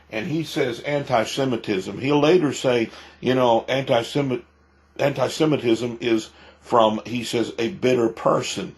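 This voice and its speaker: A man's voice: medium pitch, a little slow, a little mellow. A male pastor giving emphatic preaching commentary, repeating himself and firing off rhetorical questions.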